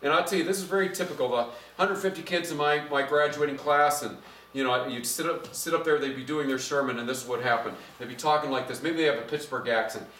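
A middle-aged male pastor delivers a conversational, animated sermon, his fairly high voice rising in volume as he preaches. He stands some way from the microphone, and the church around him rings with echo. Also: quick pace. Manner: conversational, animated, gets louder when preaching. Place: church sanctuary. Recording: echoey church from a distance.

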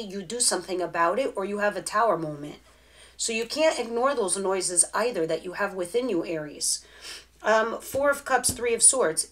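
A woman's voice: fairly high pitch, a bit bright. A woman giving a casual tarot reading straight to the viewer, chatty and direct. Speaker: tarot reader.

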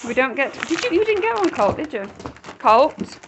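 A woman's voice: high voice, big pitch swings, normal speed, slight background noise. A woman casually talking to a crowd of dogs, calling them by name, praising and scolding them with firm commands. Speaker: dog rescue carer.

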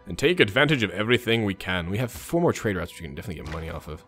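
A man's voice: fairly low pitch, sing-song, rapid-fire, fairly bright tone, soft background music. A man hosting a let's play, chatting casually and muttering orders to his game units. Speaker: gaming channel host.

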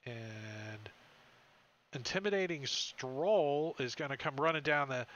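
A man narrating a tabletop game as game master, animated and laughing often, tossing in quick character voices. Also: medium pitch, dull audio.

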